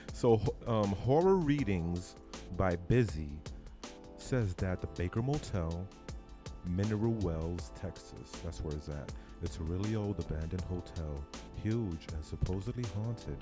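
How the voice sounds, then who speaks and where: A man's voice: deep voice, lively intonation, unhurried, music in the background. A man co-hosting a casual live stream, reading chat comments aloud with dry jokes.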